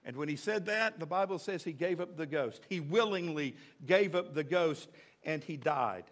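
A man's voice: fairly high pitch, lively intonation, moderate pace. A male pastor preaching a sermon in an emphatic, repetitive way.

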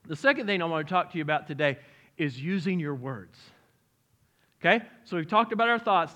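A middle-aged man preaching a sermon in a church, lively and conversational, joking and asking the congregation direct questions. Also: high voice. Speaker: pastor. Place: church sanctuary.

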